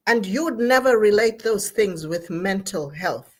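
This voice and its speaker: A Zambian therapist delivers an emphatic, motivational talk on mental health to an online gathering. Her voice sits at a medium pitch and sounds expressive, unhurried, and slightly rough. She leans hard on key words, repeating them and spelling them out.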